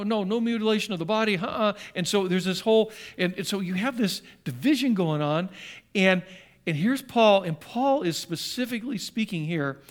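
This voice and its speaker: A middle-aged man preaching a sermon, telling a story and explaining scripture, with frequent restarts and wry asides. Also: high voice. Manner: rambling and self-correcting, with wry asides. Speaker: pastor.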